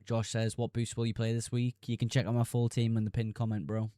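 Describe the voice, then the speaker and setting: A man's voice: mid-range voice, monotone, fairly quick, mellow, dry recording, clean studio sound. A young man streaming live, reading chat messages aloud and answering them casually.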